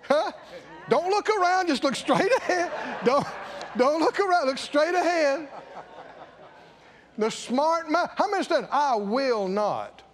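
A man's voice: extremely high pitch, lively intonation, unhurried. A man preaching a sermon, firing questions at the congregation and driving points home with emphatic repetition. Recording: long echo of a large hall.

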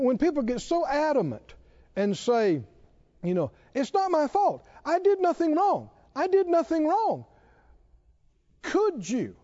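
A man's voice: very high-pitched, warm tone, dull audio. A man preaching a sermon, pressing his listeners with pointed rhetorical questions.

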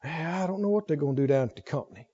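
A man's voice: on the high side, animated, very fast, mellow, breathy edge, voice pushed down. A man voicing a gloomy, grumbling man who frets over everything, mumbling doubtful complaints and sighing, on a dull lo-fi recording. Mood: gloomy fretting.

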